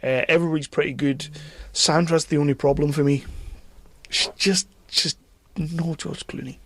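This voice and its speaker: A man's voice: fairly high pitch, fairly even intonation, normal speed, fairly bright tone. A man hosting a podcast, giving opinionated casual film reviews and often repeating words as he starts a sentence. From Britain. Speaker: podcast host.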